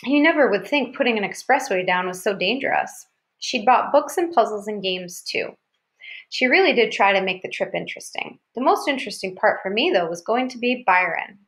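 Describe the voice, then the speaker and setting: A woman reading a novel aloud as first-person narration, in an even, steady manner. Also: medium pitch, brisk. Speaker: audiobook reader.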